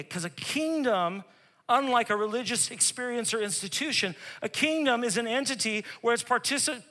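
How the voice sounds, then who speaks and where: A male pastor preaching an emphatic sermon, repeating key phrases and dropping to a hush for tender moments. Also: very high voice, lively intonation, moderate pace, in a large hall.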